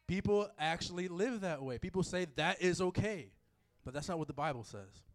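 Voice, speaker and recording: A man's voice: sits high, expressive, moderate pace. A man preaching a casual youth sermon, with playful asides and jokes to the audience. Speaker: youth pastor.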